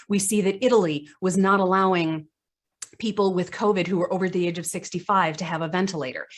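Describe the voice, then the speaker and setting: A woman psychologist giving an online conference presentation. She speaks earnestly, asks rhetorical questions, and stumbles now and then. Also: fairly low pitch. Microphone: video call microphone.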